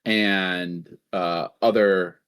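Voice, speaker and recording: A man's voice: low-pitched, fairly even intonation, extremely slow, a bit bright, clear, resonant tone. A man co-hosting a gaming podcast in casual chat, rambling through stories, laughing often and swearing offhandedly. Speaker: podcast co-host.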